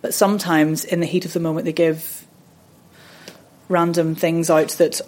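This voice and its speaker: A woman in her thirties who works as a voice and accent coach speaks in a slightly low register, chatty and self-deprecating. She rambles and restarts her sentences as she talks through her ideas in a relaxed podcast interview. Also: moderate pace. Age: 30s.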